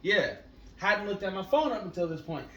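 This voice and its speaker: A man co-hosting a casual podcast, telling stories in a laid-back, profane way that gets loud when he is excited. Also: high-pitched, moderate pace. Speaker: podcast co-host. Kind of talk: casual storytelling chat. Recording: echoey room, mic at a distance, noisy.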